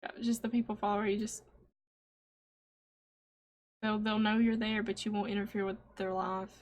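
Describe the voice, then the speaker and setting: A woman's voice: medium pitch, flat delivery, normal speed. A woman co-hosting a casual stream show, teasing her co-host and laughing often. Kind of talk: casual chat.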